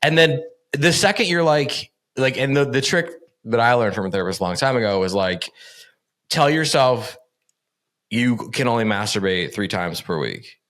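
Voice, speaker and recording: A man's voice: mid-range voice, expressive, normal speed, a bit bright. A man hosting a podcast, talking loosely and profanely and laughing often in casual conversation. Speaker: podcast host.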